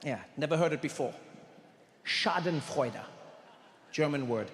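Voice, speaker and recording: A middle-aged man telling an animated stand-up story on a theater stage. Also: a little high, slow pace, pauses often. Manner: animated, acts out voices. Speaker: stand-up comedian. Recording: stage mic in a reverberant hall. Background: audience ambience.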